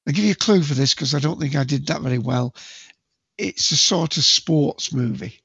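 A man hosting a casual movie quiz, chatty and jokey, with bursts of loud quote acting. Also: fairly high pitch, moderate pace, husky, no room sound. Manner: chatty, jokey, self-mocking, acts out movie quotes loudly. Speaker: quiz host. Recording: dull lo-fi dry home recording.

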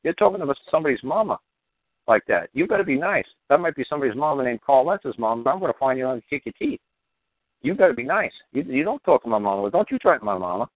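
A man's voice: medium pitch, big pitch swings, fast, no room sound. A man hosting a call-in radio show, talking in a blunt, profane, rambling and emphatic way, over a tinny phone-like line with dry sound.

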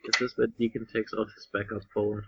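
A man's voice: lowish voice, little pitch movement, fairly quick, husky, no echo. A man playing a tabletop game, dry and full of questions. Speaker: player. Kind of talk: casual tabletop game chat. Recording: dull dry lo-fi sound.

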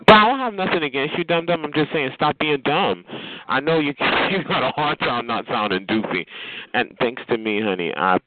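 A man's voice: mid-range voice, lively intonation, dry recording. Sassy man on a tinny phone line. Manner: sassy, drawn-out teasing with frequent "honey" and "child". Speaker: chat line caller. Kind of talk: casual chat roast.

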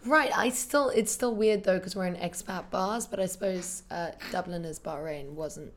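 A woman's voice: fairly low pitch, moderate pace. A woman hosting a podcast, chatting casually and prodding her guest with questions. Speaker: podcast host.

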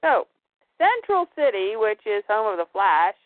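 A woman's voice: mid-range voice, no room sound. A woman chatting casually as a comic book podcast co-host, summing up a story and briefly acting out its characters. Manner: animated, acts out lines of characters in quick voices. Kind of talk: casual chat recapping comics. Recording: tinny phone-like dry sound.

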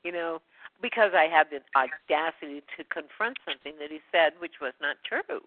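A woman's voice: low-pitched, a little fast, very noisy. A woman hosting a community call, chatting casually and laughing often between remarks. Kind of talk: casual phone chat. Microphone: phone. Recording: thin phone line.

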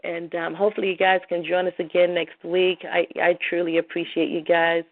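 A woman's voice: lowish voice, flat delivery, fairly quick. A woman hosting a spiritual call-in talk show, overwhelmed and near tears, who keeps breaking into laughter. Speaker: host. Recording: phone-line call-in audio.

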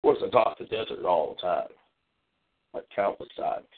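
A man's voice: deep voice, expressive, normal speed. A man hosting a call-in show, delivering a brash, boastful and profane monologue. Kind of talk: solo call-in radio monologue. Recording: phone-like lo-fi call-in audio.

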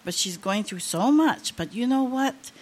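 A woman's voice: on the high side, animated, unhurried. An older woman preaching a sermon, sharing an emotional testimony with rising, impassioned emphasis.

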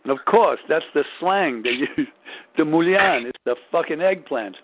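A man with a slightly high voice tells a long, rambling story, swearing freely and restarting his sentences. The sound is thin and tinny, like it came over a phone line. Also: expressive, measured pace, heavy background noise. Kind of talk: casual profane storytelling.

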